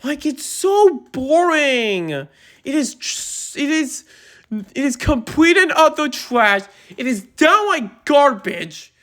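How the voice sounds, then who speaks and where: A woman ranting in a movie review, angry, repeating herself and breaking into shouts. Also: high voice, very animated, slow pace. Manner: repeats herself and restarts often.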